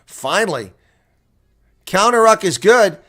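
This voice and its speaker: A man giving live play-by-play rugby commentary as a solo reaction streamer, talking casually and getting louder and more worked up when attacks build near the try line. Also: sits high, takes it slowly. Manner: excitable, rising to near shouting on attacking plays.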